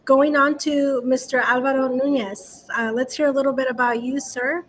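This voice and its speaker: A woman's voice: sits high, fairly even intonation, moderate pace, a little hiss or hum. Affirming woman moderating a panel. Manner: affirming, recaps what guests said. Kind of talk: panel discussion.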